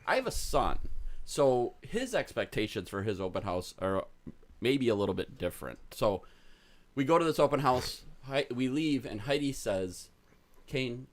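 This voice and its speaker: A man's voice: mid-range voice, sing-song, normal speed. A middle-aged man co-hosting a podcast, telling a story in a laid-back, chuckling way. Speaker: podcast co-host. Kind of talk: casual storytelling.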